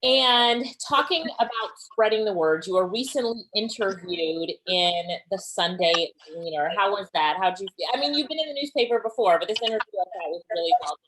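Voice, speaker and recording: A woman's voice: mid-range voice, brisk, few pauses, a bit bright, a little hiss or hum, low-quality recording. Upbeat woman hosting an interview. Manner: upbeat, encouraging questions. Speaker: interviewer and company head. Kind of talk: friendly interview.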